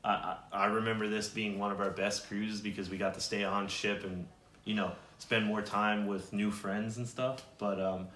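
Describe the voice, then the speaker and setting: A man's voice: lowish voice, little pitch movement, moderate pace, pushed and bright, reverberant, a little hiss or hum. A young man co-hosting a vlog, telling a story in a chatty, easygoing way with some stumbles. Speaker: vlog co-host. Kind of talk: casual storytelling to camera.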